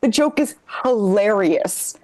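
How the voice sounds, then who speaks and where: A woman's voice: medium pitch, expressive, takes it slowly, a little mellow. A woman co-host telling a rambling, self-deprecating comedic story, often laughing through her lines.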